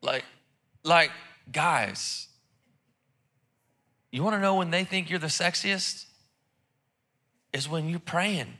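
A pastor preaches at a church service in a casual, joking style, with many repeated words and restarts. His voice is a little high, bright and forceful, and he speaks slowly with frequent pauses.

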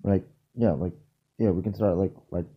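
A man hosting a podcast in casual, joking chat, quick to question and tease his guest. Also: low voice, fairly even intonation, slight background noise. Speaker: podcast host. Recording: dull lo-fi sound.

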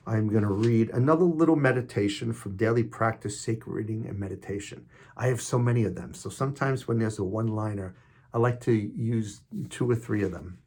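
A man's voice: on the low side, moderate pace, a little mellow, breathy edge. A man in his sixties with a Queens New York accent hosts an inspirational podcast, reading affirmations with emphatic stress on key words and chatting casually between readings. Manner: chatty and self-deprecating in asides. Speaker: podcast host.

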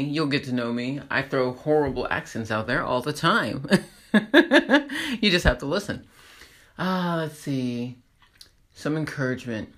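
A woman's voice: rumbling low, fairly bright tone. A woman hosting a casual, rambling motivational monologue, laughing at herself as she encourages listeners. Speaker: host.

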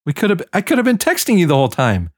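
A man's voice: very fast, no echo, studio quality. A man co-hosting a podcast in casual chat, talking animatedly over a video call. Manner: animated, jumps pitch when excited. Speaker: podcast co-host.

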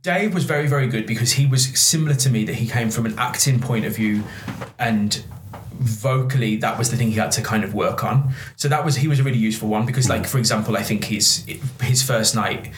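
Guest: man, rapid rambling chat, echoey room. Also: medium pitch. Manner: quick, rambling, repeats words. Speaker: guest performer. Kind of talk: casual interview chat. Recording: roomy echo.

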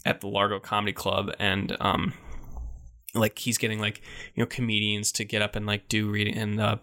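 Bright-voiced rambly guy telling a story. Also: lowish voice, normal speed. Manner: rambling, heavy with "like" and "you know" fillers; breaks into animated quoted voices. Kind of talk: casual podcast chat, retelling a story.

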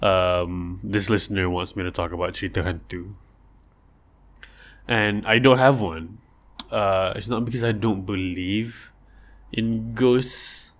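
A man's voice: lowish voice, fairly even intonation, takes it slowly. A man hosting a casual livestream, answering listener questions in a rambling, joking way. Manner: rambling, joking, acts out little scenes in silly voices.

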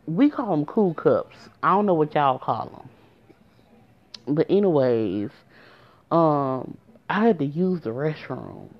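A woman's voice: deep voice, lively intonation, slow, pauses often. A woman telling a personal story to her viewers in a casual, emotional way, talking straight to them. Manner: emotional, conversational, addresses viewers directly. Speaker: storyteller vlogger. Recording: dull lo-fi recording.

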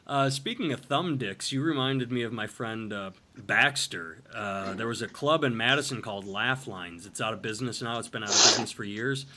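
Bright-voiced man joking crudely. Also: mid-range voice, normal speed, few pauses. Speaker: podcast host. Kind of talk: casual podcast banter.

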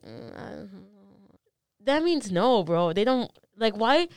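A woman's voice: mid-range voice, clean tone, no room sound, clean studio sound. A young woman co-hosting a casual chat, telling stories with lots of slang and filler. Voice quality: slangy, animated storyteller. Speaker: co-host.

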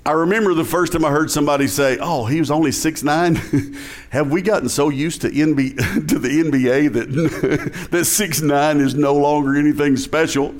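A man with a Southern US accent preaching a sermon. His voice sits a little high for a man, and he preaches in an easy, conversational way. He often turns to ask the congregation questions. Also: steady tone, normal speed. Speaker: pastor.

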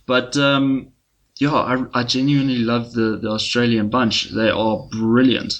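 A man co-hosting a relaxed podcast. His voice sits at a middle pitch, and he rambles in an easygoing way, often restarting his sentences. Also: unhurried. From South Africa. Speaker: podcast co-host. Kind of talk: casual podcast chat.

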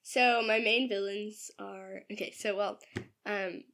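A woman's voice: medium pitch, fairly even intonation, takes it slowly, vocal fry, fairly bright tone. A young woman in a casual podcast chat about her own novel, talking with many fillers and laughs. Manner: chatty, giggly, filler-heavy. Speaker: podcast co-host and writer.

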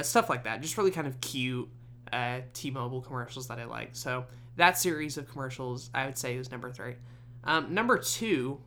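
A young man talks to his viewers in a loose, rambling way, peppering his speech with fillers and dry grumbles. His voice sits at a middling pitch but sounds bright and forward. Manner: rambling and chatty, with frequent fillers and wry grumbling. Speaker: vlogger. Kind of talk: casual chat.

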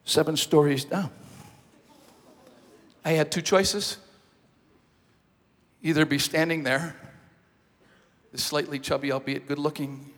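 A male pastor telling a story from the pulpit in an animated, self-mocking manner, with a breathy voice in a large hall. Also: on the high side. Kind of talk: sermon storytelling.

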